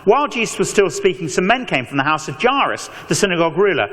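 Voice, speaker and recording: Animated preacher in a big hall. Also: male voice, high voice, quick pace, a little hiss or hum. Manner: animated storytelling with mock voices and asides. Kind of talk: evangelistic talk to students. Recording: long echo of a large hall.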